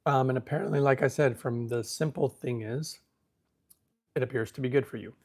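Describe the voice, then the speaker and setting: A man's voice: medium pitch, a little fast, darkish tone. A man hosting a casual live question-and-answer stream, thinking aloud as he reads from the screen and talking with easy self-assurance. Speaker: livestream host answering viewer questions.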